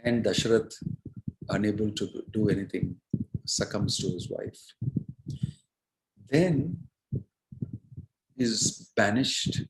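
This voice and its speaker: Male spiritual teacher, sermon storytelling, low voice, slow, unhurried. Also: slightly rough, rough recording.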